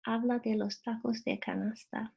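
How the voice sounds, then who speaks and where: Bubbly husky woman hosting a webinar. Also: fairly high pitch, fairly even intonation, a little fast, warm tone. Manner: bubbly, thankful, mutters to herself while fixing tech trouble. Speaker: teacher presenting a webinar. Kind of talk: casual live webinar talk and Q&A.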